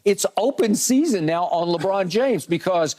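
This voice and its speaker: A man's voice: sits high, lively intonation, normal speed, a little mellow, slight background noise. A man arguing a point on a sports talk show, emphatic and acting out other people's words. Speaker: sports commentator.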